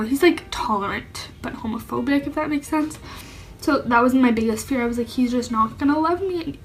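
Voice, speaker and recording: A young woman with a slightly high voice shares a personal coming-out story straight to camera. She talks casually, full of "like", and her voice turns tearful at times. Soft music plays faintly behind her. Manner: heavy use of "like", emotional and tearful at times. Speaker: vlogger.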